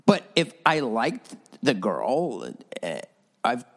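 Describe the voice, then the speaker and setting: Profane, animated male podcast ranter. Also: takes it slowly, vocal fry. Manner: blunt and profane, acts out voices of others; animated, swings between low mutters and high mock voices. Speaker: podcast host. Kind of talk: opinionated solo podcast rant.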